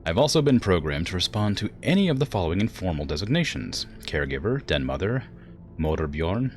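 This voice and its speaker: A man voicing an ancient male AI weapons platform, calm and formal, in a smooth put-on generic English accent. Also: deep voice, brisk, soft background music. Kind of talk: reading game dialogue aloud.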